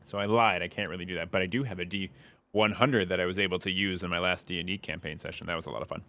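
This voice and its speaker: A man's voice: sits low, steady tone, quick pace, bright, forceful tone. A young man giving playful live commentary as he plays a game, humming along and taunting enemies. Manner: playful, taunts enemies and hums while playing. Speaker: streamer.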